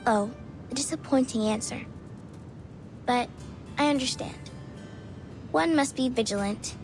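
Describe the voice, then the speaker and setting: A woman's voice: on the high side, measured pace, soft background music, voice pushed up. A woman voicing a polite, talkative sheep-headed woman arcanist. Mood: chatty.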